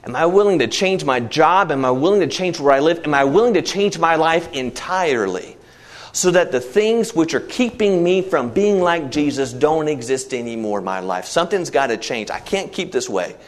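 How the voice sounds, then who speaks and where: A man preaching with a voice pitched a little high. He swings between emphatic, climbing peaks and low, quiet passages, and he slips into everyday voices to act out short asides. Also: lively intonation, moderate pace. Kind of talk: sermon.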